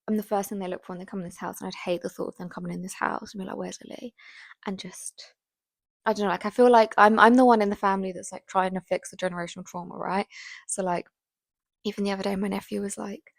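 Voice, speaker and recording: A young woman in her twenties talks casually to her viewers, rambling and full of fillers, her voice sitting at an ordinary middle pitch. At times she slips into a soft whisper. The recording is close and dry, with no room sound. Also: fairly even intonation, fast, creaky, dry recording. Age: 20s. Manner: often drops to a soft whisper. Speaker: vlogger. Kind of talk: casual chat to camera.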